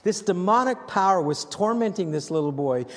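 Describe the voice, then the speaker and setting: A man preaching a sermon as pastor, animated and swinging from loud appeals to hushed prayer, often restarting and repeating his words. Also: sits high, normal speed, big-room sound.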